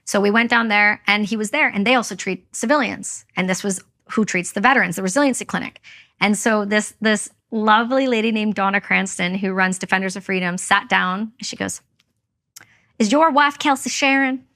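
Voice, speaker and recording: Woman, from canada, gravelly voice, middle pitch, candid, emphatic, interview guest. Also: brisk, pushed and bright. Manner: candid, emphatic, acts out quoted speech. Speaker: podcast guest, army veteran. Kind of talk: personal storytelling in interview.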